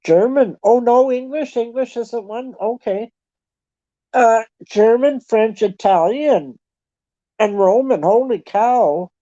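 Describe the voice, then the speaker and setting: A Canadian woman chatting casually in a slow, unhurried way, often thinking aloud and poking fun at herself. Her voice is mellow and dark, and it sounds close and dry. The recording is dull and lo-fi. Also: on the high side, no echo. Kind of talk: casual chat with online viewers.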